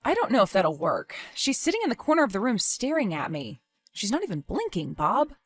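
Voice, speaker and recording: A woman voicing an anxious young woman babysitting her boyfriend's daughter, pleading and quick to raise her voice in an animated story. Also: medium pitch. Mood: nervous. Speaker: stepmother-to-be left babysitting.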